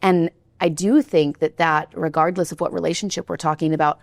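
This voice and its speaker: A woman's voice: sits low, fairly even intonation, fairly quick, creaky, no echo. A woman interviewer asking long, winding questions in a studio, often checking in with "right?".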